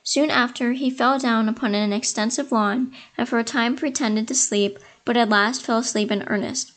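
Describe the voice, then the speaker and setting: A woman telling a fairy tale in a measured, expressive storytelling voice. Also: on the high side. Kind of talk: scripted fairy-tale narration.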